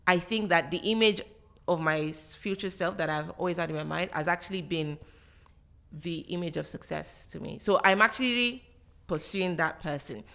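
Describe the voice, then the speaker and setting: A woman hosts a podcast in relaxed conversation. Her voice is bright and sits a little low, and she sounds self-assured and animated. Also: normal speed, creaky. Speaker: podcast host.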